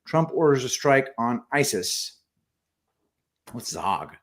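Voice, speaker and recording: A man co-hosting a casual livestream, reading viewer messages aloud and adding quick remarks. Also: mid-range voice, very animated. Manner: reads super chats aloud with quick asides. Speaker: co-host reading donor messages.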